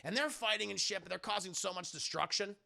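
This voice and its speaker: A young man streaming a casual, profane film recap, animated and full of acted-out lines. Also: high voice, quick pace, creaky. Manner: animated, profane, acts out scenes in voices. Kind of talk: casual chat.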